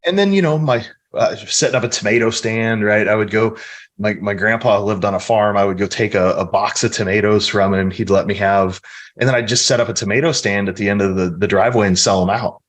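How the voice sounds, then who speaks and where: Speaking with a lowish voice at a brisk clip, a middle-aged man from the American Midwest shares stories from his life as a podcast guest. The interview is casual, and his manner is earnest and reflective.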